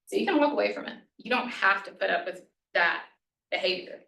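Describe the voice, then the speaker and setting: A woman presents a workshop at a college in a casual, chatty way, often checking in with "right?". Her voice is bright and clear. It sounds a little distant from the mic, in a room with noticeable echo. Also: medium pitch, animated, fairly quick. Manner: conversational, frequent "right?" and "um", acts out sample phrases. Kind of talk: lunch-and-learn presentation. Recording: echoey room, voice a bit far from the mic.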